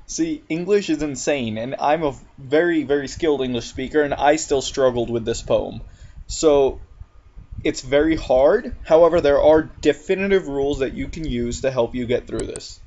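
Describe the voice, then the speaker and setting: A man teaching English pronunciation in a recorded lecture, speaking deliberately and drawing out each example word. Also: mid-range voice, darkish tone. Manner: slow, deliberate, drawn-out example words. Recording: slightly dull lo-fi recording.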